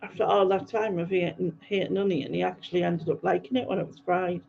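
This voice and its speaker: A woman's voice: on the low side, steady tone, a little fast, creaky, slight background noise. A woman hosting a livestream, casually rambling through viewer comments with frequent ums and laughs. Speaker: livestream host. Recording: dull lo-fi livestream audio.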